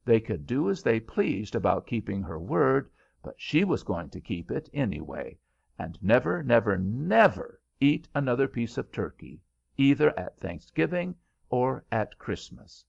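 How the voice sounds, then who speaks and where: A man narrating a children's storybook aloud in an audiobook, with a slow, lively delivery. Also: medium pitch, vocal fry. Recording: dull lo-fi audiobook recording.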